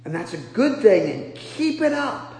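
A man from Nebraska preaches with an unusually high voice, telling stories at his own expense and now and then rising to a shout. The sound rings around a large church hall, with a long reverb trailing each phrase. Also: unhurried. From Nebraska, USA. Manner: animated, self-deprecating storytelling with sudden loud bursts. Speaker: pastor. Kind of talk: sermon.

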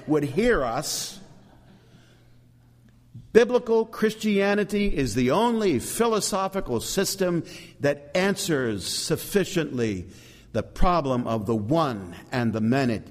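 A man preaching a sermon, animated and emphatic, with asides to the congregation. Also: a little high, in a large hall. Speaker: pastor.

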